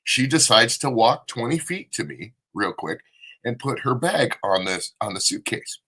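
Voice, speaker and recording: A man's voice: mid-range voice, animated, a little slow, bright, forceful tone, husky. A man from Southern California telling a rambling, profane story with frequent laughs on a casual live podcast panel. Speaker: panel co-host.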